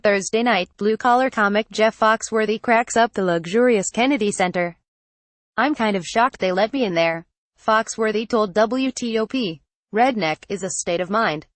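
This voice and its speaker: A woman's voice reading out a news article, photo credits and quoted punctuation included, in a flat read-out manner. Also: mid-range voice, moderate pace, dry recording. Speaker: news reader. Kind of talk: text-to-speech article reading.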